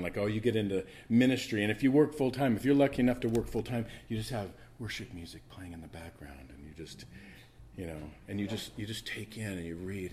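A man preaching a sermon in a lowish voice. He swings from loud, emphatic stretches to hushed, quiet asides. He repeats words and restarts phrases for emphasis. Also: slight background noise.

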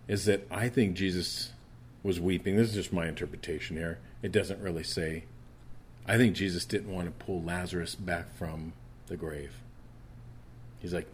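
A man's voice: low voice, darkish tone. A middle-aged man preaching a sermon in an earnest, conversational way, often restarting his sentences. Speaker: pastor.

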